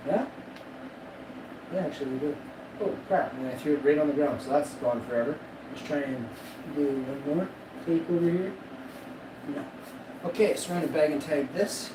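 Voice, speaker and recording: A man in his forties spins a long, profane, boastful story on a live stream, laughing at his own punchlines. His voice sits back from the mic in an echoey room. A steady wash of loud background noise runs under everything. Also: on the high side, recorded from a distance. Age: 40s.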